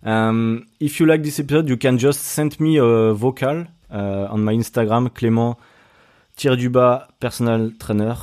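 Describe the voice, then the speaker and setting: Speaking at a moderate pace, the young French-accented host from Brittany, France, runs a casual podcast on his own, stumbling through restarts and fillers. His medium-pitched voice is a little mellow, its intonation fairly even.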